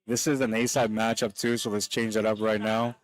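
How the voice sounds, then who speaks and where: Man, Canadian accent, slightly low voice, live-stream pool commentary, chatty, enthusiastic, conversational. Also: level tone, fairly quick, rough recording. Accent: Canadian English.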